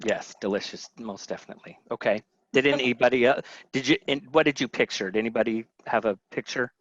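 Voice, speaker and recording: A man's voice: mid-range voice, fast talker, fairly bright tone, dry recording. Casual man teaching in a dry, muffled voice. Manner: conversational, many fillers and restarts. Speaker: webinar presenter. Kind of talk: casual teaching talk with audience questions.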